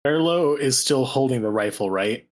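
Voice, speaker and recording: A man playing a tabletop game, describing his character with playful, excitable reactions. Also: mid-range voice, moderate pace. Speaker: player. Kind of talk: casual tabletop play.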